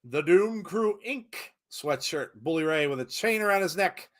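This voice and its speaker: A man's voice: fairly high pitch, expressive, normal speed. A middle-aged American man co-hosting a live wrestling watch-along, rambling casually and reading chat comments aloud. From United States.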